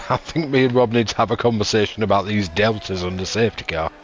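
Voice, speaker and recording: A man's voice: fairly low pitch, quick pace. A man with a Yorkshire accent chatting on a sim racing stream, passing on requests from the live chat with a laugh. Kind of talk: casual chat while racing.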